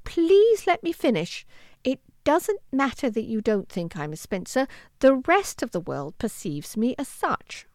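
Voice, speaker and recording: An earnest young woman of twenty-four, determined to make her own way, as a woman reading an audiobook puts her on. Her voice sits higher and brighter than the narration and swings up and down with feeling. It sounds close and dry, with no room around it. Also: very animated, a little slow, no room sound. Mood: earnest, pleading. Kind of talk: audiobook character voice.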